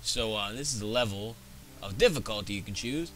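Game music plays as a teenage gaming channel host goofs around, cracking jokes and wandering through stories while playing. He speaks briskly with an expressive, slightly bright voice that sits on the low side.

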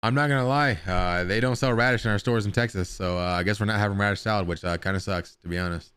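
A man's voice: lowish voice, fast, fairly bright tone, clear, resonant tone. A man streaming live, chatting casually with his viewers in a rambling way and swearing now and then.

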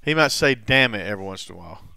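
A man in recovery telling a personal story in a halting way, with frequent restarts and heavy swearing. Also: low-pitched, animated, gravelly, bright, forceful tone, clean tone, no echo. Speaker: recovering alcoholic sharing his story.

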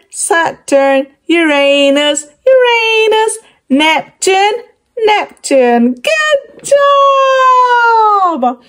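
A woman reading a picture book aloud to young children, prompting them to repeat words and praising each answer in a teacherly way. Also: high voice. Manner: slow, sing-song teacherly delivery. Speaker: children's storyteller.

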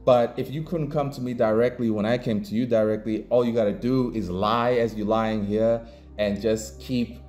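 A man's voice: mid-range voice, fairly even intonation, moderate pace, a little mellow, faint music behind. A man delivering an angry, combative commentary rant, mocking and insulting his critics. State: pissed off. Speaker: independent comic creator and commentator.

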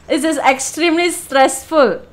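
A woman gamer playing a horror game, panicky and swearing, pleading out loud with the monster chasing her. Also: high voice, measured pace, poor audio. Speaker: let's play gamer.

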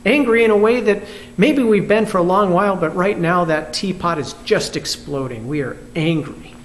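A man's voice: sits high, moderate pace, a little hiss or hum. A pastor from the United States giving a candid, reflective video sermon and asking his listeners questions. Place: church.

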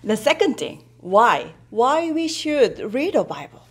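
A woman preaches to children at a slow, deliberate pace, her fairly high voice rising and falling widely. She repeats her main points for emphasis and keeps turning to the children with questions. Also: big pitch swings, breathy edge. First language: Korean. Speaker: children's worship teacher. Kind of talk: children's sermon.

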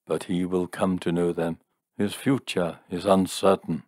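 A man voicing a grave fortune teller in an audiobook story, intoning slowly and mournfully in a deep voice. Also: little pitch movement, darkish tone, dry recording, clean studio sound. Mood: solemn. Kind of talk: audiobook character voice.

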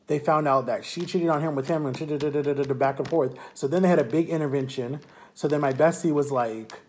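A young man telling a personal story to camera in a casual, animated way, acting out the people he quotes. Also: mid-range voice, brisk. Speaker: vlogger.

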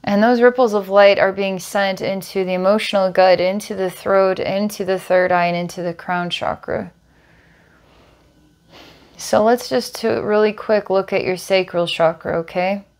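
A woman working as a psychic healer, calmly describing visions during a guided healing session. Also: medium pitch, normal speed. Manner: calm, descriptive, storytelling visions.

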